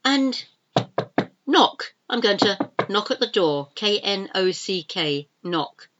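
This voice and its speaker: A woman's voice: mid-range voice, measured pace, fairly bright tone, lo-fi sound, a little hiss or hum. A woman teaching an English pronunciation lesson, saying each word twice and spelling it out letter by letter. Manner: spells words out letter by letter and repeats them.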